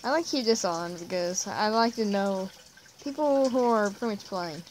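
A woman's voice: medium pitch, lively intonation, normal speed, background noise. Giggly woman narrating a game. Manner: chatty, giggly, self-mocking. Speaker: gamer. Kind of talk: casual let's-play commentary.

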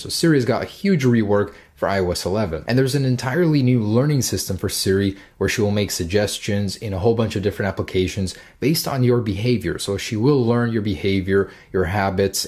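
A man with a fairly low voice talks through a demo in a casual, chatty way. He sounds upbeat and enthusiastic as he walks through each feature. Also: a little mellow. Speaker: tech reviewer.

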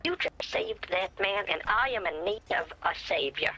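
A woman's voice: fairly low pitch, expressive, normal speed, sharp tone, muffled recording, slight background noise. A woman playing a prim, genteel old woman in an online game role-play, speaking hesitantly and trailing off with little "oh, my"s. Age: older. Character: prim old woman searching for her cat.

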